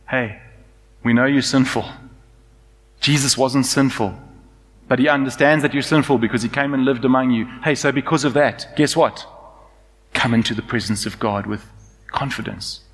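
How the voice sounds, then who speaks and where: A man preaching a sermon as pastor, swinging from loud, raised emphasis to soft, quiet intimacy. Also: medium pitch. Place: church hall. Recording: long church reverb.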